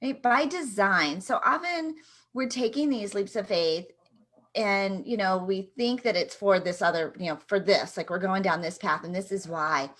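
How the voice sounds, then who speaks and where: A woman's voice: mid-range voice, normal speed, fairly bright tone. A woman co-hosting a morning talk show, speaking in an encouraging, reflective way. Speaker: co-host. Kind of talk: casual talk-show chat.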